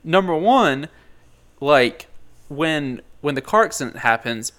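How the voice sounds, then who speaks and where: A man's voice: on the high side, expressive, takes it slowly, a bit bright. A man chatting casually about a movie, rambling with lots of fillers and jokes. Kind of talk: casual movie review chat.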